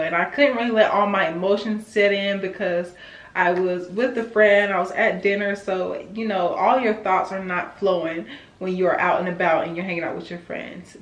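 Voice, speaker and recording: A woman's voice: mid-range voice, echoey room. A woman in her twenties talking candidly in a personal vlog, emotional and self-encouraging. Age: 20s. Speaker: vlogger.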